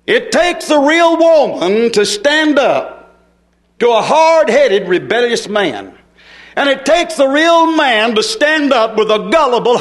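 High-voiced fiery preacher. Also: male voice. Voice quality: folksy, emphatic, swinging between soft asides and forceful declarations. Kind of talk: fiery sermon.

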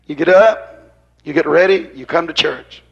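This is a man preaching in church, his voice high and bright. He hammers phrases over and over in a fiery rhythm, surging loud and then dropping low. He sometimes moves away from the microphone, so his voice sounds distant. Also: normal speed, vocal fry, husky, lo-fi sound. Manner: rhythmic, repetitive, rising and falling in intensity. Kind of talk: fiery sermon.

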